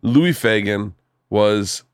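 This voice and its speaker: Podcast host guy, swears a lot, lively storyteller, dry close sound. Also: fairly low pitch, extremely slow, dry recording. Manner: animated storyteller who swears freely. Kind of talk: casual storytelling chat.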